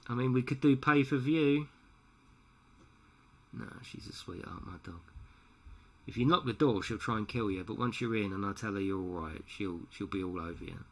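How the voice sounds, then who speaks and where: A deep-voiced man with a fairly bright tone talks a little fast into his headset. While painting a model on a nighttime livestream from home, he keeps the conversation casual and jokey, laughing frequently with his viewers.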